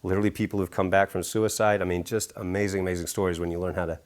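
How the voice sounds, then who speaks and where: A man's voice: level tone, rapid-fire. A middle-aged man, an author and speaker, telling stories in an interview with enthusiasm and acting out quotes. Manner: enthusiastic, acts out quotes with big pitch jumps. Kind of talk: animated storytelling interview.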